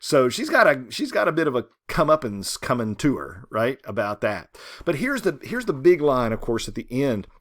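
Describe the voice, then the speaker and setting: A man in his fifties or older, a literature professor, giving a recorded lecture with animated rhetorical questions and chatty asides. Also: medium pitch, normal speed, hardly any pauses.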